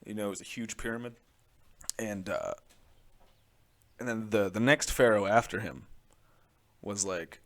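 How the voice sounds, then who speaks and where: A man's voice: on the low side, normal speed, long pauses, fairly bright tone. A young man hosting a podcast, talking in casual chat that rambles with many fillers and frequent laughs. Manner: rambling, full of "like", laughs often. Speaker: podcast host.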